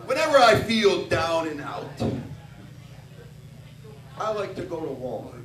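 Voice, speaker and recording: A man's voice: on the high side, big pitch swings, measured pace. A man doing a stand-up routine on a bar stage, telling crude, profane stories. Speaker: stand-up comedian. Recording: roomy, distant, loud bar noise.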